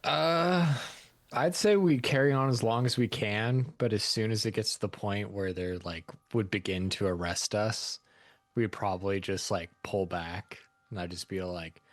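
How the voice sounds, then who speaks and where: A man's voice: fairly low pitch, unhurried, dry recording. A playful man at a tabletop game, laughing often as he describes his moves. His voice sounds dry and close, with no room around it. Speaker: player.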